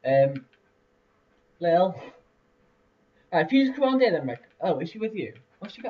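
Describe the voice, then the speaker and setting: Young male let's-player, lively higher voice, rambling chatty delivery, distant dull mic. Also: normal speed, pauses often. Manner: chatty, rambling, lots of fillers and laughs. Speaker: let's play host. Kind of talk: casual gameplay commentary.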